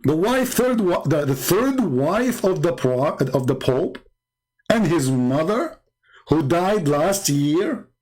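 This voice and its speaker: Sarcastic, animated male host. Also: fairly high pitch, slow pace. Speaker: host of a live debate channel. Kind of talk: mocking storytelling monologue.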